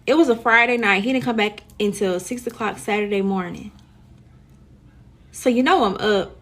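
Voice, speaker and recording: A young woman in casual storytime chat, animated and slangy, talking straight to her viewers. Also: mid-range voice, moderate pace.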